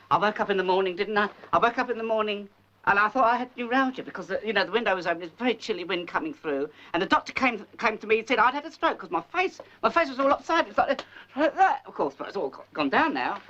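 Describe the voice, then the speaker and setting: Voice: mid-range voice, a bit bright, natural voice. A performer in a 1970s film comedy playing a fussy, gossipy elderly mother who poses as a psychic, rambling and theatrical. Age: older. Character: nagging, overbearing elderly mother posing as a psychic. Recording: dull old film soundtrack with faint hiss.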